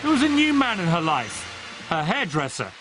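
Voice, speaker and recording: A middle-aged male interviewer with a slightly high, very lively voice. He asks probing, teasing questions and reads narration. Music plays clearly underneath him. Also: normal speed.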